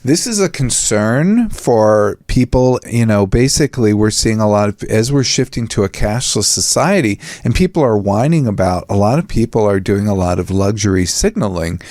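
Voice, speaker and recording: A man with a lowish voice hosts a casual psychology chat show. He rambles through friendly asides and laughs often. The sound is dry and close. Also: a little mellow, dry recording. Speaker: podcast host.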